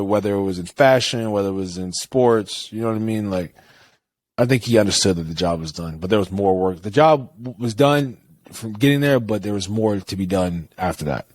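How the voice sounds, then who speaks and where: A man's voice: on the low side, darkish tone. A young man, podcast co-host, talking casually in a laid-back way with casual swearing. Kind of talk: casual chat.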